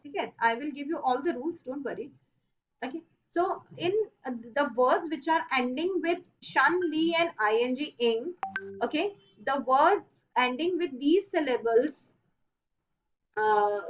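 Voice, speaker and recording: A high-pitched woman lectures over a dull, lo-fi online call. She repeats each rule slowly, leaning on the key words. Her delivery is patient and instructive. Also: a bit bright. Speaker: teacher. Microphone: online video call.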